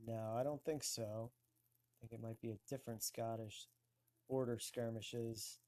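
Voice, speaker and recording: Slow-talking man thinking aloud. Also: mid-range voice, steady tone, dark tone. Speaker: host. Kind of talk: casual online research talk.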